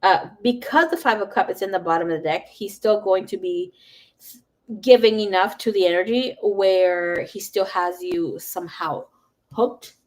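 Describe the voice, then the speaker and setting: Young woman doing a live tarot reading, blunt and lively, swears a lot, mid-pitched voice. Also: moderate pace. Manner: frank, animated, swears freely. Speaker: tarot reader.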